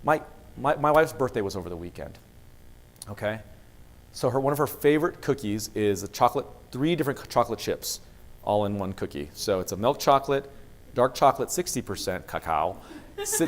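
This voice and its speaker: A man speaking as a university vice president of student affairs, giving a motivational talk to students and acting out dialogue as he tells stories. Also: medium pitch. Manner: lively storyteller, acts out dialogue.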